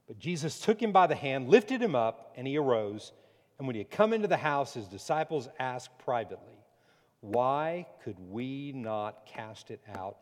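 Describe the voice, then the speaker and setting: A male pastor delivers a sermon that swings between loud, emphatic peaks and low, quiet passages. A long reverb tail trails his voice.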